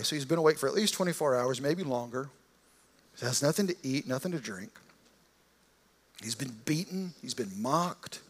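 A man preaching a sermon, retelling a story in a casual, vivid, conversational way. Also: fairly high pitch. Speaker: pastor.

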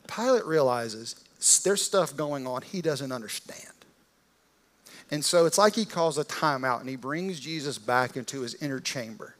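A man's voice: mid-range voice, moderate pace, fairly bright tone. A man preaching a sermon, retelling a story in a casual, vivid, conversational way. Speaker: pastor.

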